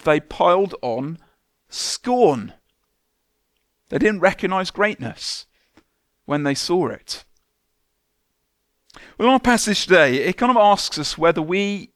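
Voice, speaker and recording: Guy preaching in church, pretty high voice, dry close sound, chatty and jokey. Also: dry recording. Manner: conversational, self-deprecating humour, soft prayerful tone when praying. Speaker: minister. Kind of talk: sermon.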